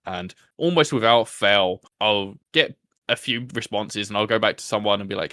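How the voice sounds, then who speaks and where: Self-deprecating male podcast host, chatty, lowish pitch, very dry close sound. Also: normal speed, bright, forceful tone, no room sound. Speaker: podcast host being interviewed. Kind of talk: casual chat.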